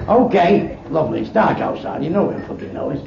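At a comedy club, an English stand-up swears crudely and insults members of the live audience. His high-sitting voice is gravelly, brisk, and lively, captured in a dull, echoey club recording with background noise and crowd laughter.

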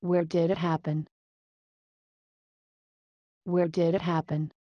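Slow, careful woman reading phrases. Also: on the low side, little pitch movement, dry recording, dull audio. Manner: careful, evenly paced reading aloud. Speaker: English phrase reader.

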